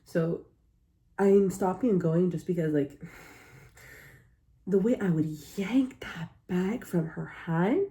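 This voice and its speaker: Woman, reaction host, low voice, warm mellow tone, incredulous, ranting to viewers. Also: lively intonation, unhurried, long pauses. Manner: exclamatory, incredulous, rants at viewers. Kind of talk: casual reaction commentary.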